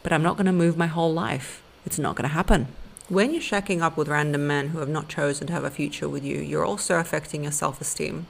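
A woman's voice: deep voice, steady tone, quick pace, creaky, few pauses. A woman hosting a podcast, giving blunt, emphatic relationship advice straight to her listeners. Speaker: podcast host and dating coach.

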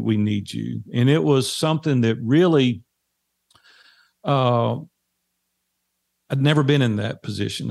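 A man's voice: lowish voice, creaky, a little mellow. A man, a podcast guest earnestly recounting a life story and quoting what people said. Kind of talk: personal storytelling in conversation.

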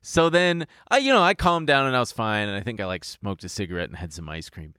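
A man's voice: on the low side, animated, fast, pushed and bright, smooth, no echo, clean studio sound. A young adult man on a podcast, telling a personal story in a rambling way, swearing and laughing as he goes. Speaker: podcast co-host. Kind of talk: casual storytelling chat.

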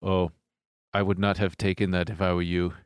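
A man doing a flat, deadpan German coworker. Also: normal speed, clean tone, no room sound, studio quality, lightly acted. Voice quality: flat monotone, low and quiet.

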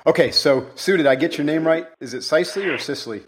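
A man's voice: a little high, quick pace. A man hosting a podcast, talking in an upbeat, chatty and joking way while interviewing a guest. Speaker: podcast host.

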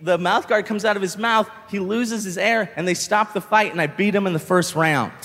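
A young man doing a stand-up comedy set, telling a story with animated delivery and shouted punchlines. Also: high-pitched, normal speed, big-room sound, a little hiss or hum. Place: comedy stage with live audience.

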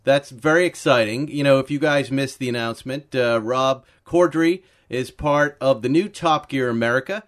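Male podcast host, casual chatty delivery, dry close sound, mid-pitched voice. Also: moderate pace, few pauses, dry recording. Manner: chatty, animated, laughs often. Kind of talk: casual chat with sponsor read. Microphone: video call.

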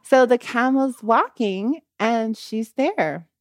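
A woman telling a story in a casual, animated way, often adding "you know" and "right?" between phrases. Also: slow, dry recording, studio quality. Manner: gets louder and higher when she quotes the people in the story.

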